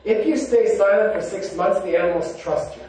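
A man with a fairly high voice gives a monk's spiritual talk. He wanders through personal stories in a loose, chatty way. He is recorded from a distance in a strongly reverberant room, with faint ambience behind him. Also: a little fast, darkish tone, a little hiss or hum. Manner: rambling and conversational, many "you know"s. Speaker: monk giving a teaching. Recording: very echoey room, mic far off.

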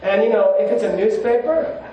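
A man's voice: high voice, expressive, moderate pace, warm tone, muffled recording, a little hiss or hum. A man, a monk, giving a casual spiritual talk full of personal stories, rambling and conversational with many "you know"s. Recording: very echoey room, mic far off.

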